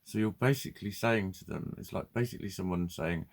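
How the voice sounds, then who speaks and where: A man's voice: low-pitched, brisk. Sweary ranting man. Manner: blunt, sweary, exasperated ranting with laughs. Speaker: vlogger. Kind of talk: casual ranting monologue to camera.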